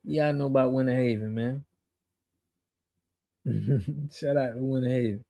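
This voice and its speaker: A man's voice: medium pitch, a little slow, gravelly, mellow. An American man hosting a casual livestream, answering chat in an emphatic, slangy way and repeating himself when he gets fired up. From United States. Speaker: show host.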